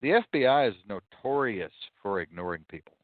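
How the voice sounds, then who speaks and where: A man's voice: mid-range voice, expressive, brisk. A man hosting casual talk-show chat, emphatic and folksy, spelling out his rules. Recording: dry tinny phone-like audio.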